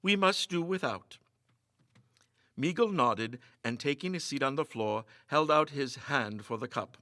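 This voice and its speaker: A man reading a ghost story aloud with expressive, theatrical narration. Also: medium pitch, moderate pace, no echo. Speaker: reader.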